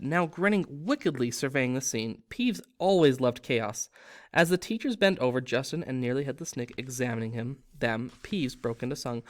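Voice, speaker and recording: Man narrator reading a storybook aloud, mid-pitched, relaxed, chatty asides. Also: moderate pace. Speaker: reader.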